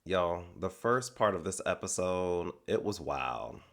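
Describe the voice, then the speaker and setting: A man's voice: low voice, a little slow, vocal fry. Chatty man recapping TV. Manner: chatty, animated storytelling with quoted asides. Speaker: recap host. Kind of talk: casual reality TV recap.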